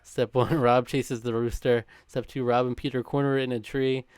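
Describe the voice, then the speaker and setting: A man's voice: medium pitch, little pitch movement, a little mellow, clear, resonant tone. A man co-hosting a podcast, reading a countdown script with a chuckle now and then, mixed with casual chat. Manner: brisk, chuckling between lines.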